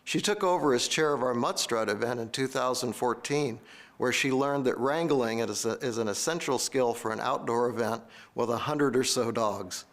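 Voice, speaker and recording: Brief: man presenting an award, measured and formal, mid-pitched. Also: fairly bright tone. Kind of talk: scripted speech.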